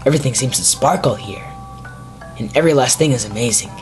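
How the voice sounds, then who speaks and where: A man's voice: medium pitch, fast, lightly acted, rough recording. A man voicing an earnest young male colt Pokemon, reading its message in a solemn, heartfelt way over game music.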